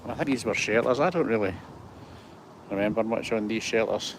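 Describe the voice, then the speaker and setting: Scottish guy in his 60s rambling on a walkabout vlog, lowish voice, outdoor noise all round. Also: fairly quick. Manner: chatty, rambling, self-deprecating. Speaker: vlogger. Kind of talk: casual walking tour vlog. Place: outdoor heritage museum grounds. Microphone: handheld phone on gimbal.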